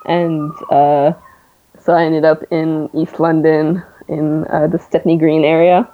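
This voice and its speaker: A woman's voice: low-pitched, level tone, slow pace. A young Canadian woman with a North American accent, chatting casually as an interview guest and laughing often between fillers. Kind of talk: casual conversation. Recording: tinny phone-like line.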